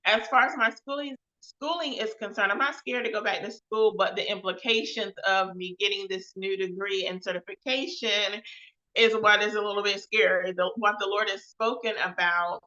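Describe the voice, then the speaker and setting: A chatty woman hosts a casual livestream and calls out to her chat. Her voice is bright and forceful, and it carries a touch of volume. The stream audio sounds dull and lo-fi. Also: mid-range voice, steady tone, moderate pace. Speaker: host of a live web show.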